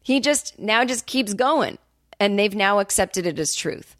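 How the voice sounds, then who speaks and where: A woman hosting her own podcast, talking casually in a rambling, profane, sarcastic monologue full of quick asides. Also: mid-range voice, no room sound, clean studio sound. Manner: animated storyteller, quick asides. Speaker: comedian podcast host.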